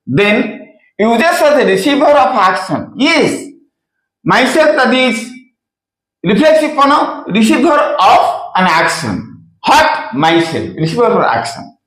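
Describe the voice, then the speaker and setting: Man, grammar teacher, lively pitch, deliberate pace, repeats himself. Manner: repeats key phrases, asks and answers own questions. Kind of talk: slow explanatory lesson. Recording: echoey room.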